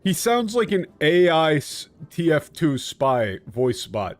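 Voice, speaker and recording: A man streaming a game, giving irreverent, swearing commentary and haltingly translating lines. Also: on the high side, big pitch swings. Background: game music.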